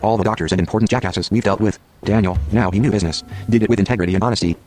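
A man's voice: fairly low pitch, fairly even intonation, rapid-fire, a little mellow, natural voice. An actor playing an angry, paranoid young man who rants and swears. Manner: aggressive, swearing rant.

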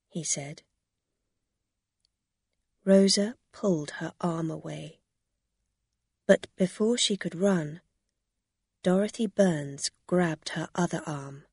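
A woman narrating a story in a slow, deliberate reading. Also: fairly low pitch, darkish tone, husky, no echo, clean studio sound.

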